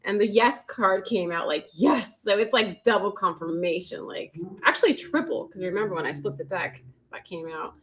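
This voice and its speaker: A woman's voice: medium pitch, expressive, moderate pace, few pauses, fairly bright tone. Giggly woman reading tarot cards. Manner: giggly, chatty, drops to near-whispers while shuffling. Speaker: tarot reader. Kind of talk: casual livestream tarot reading.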